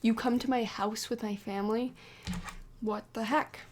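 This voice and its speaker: A young woman voicing an angry husband who speaks curtly and with irritation, quieter than her usual voice. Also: on the high side, fairly even intonation, normal speed, a little hiss or hum, natural voice. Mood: irritated. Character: angry husband pushing away his mistress.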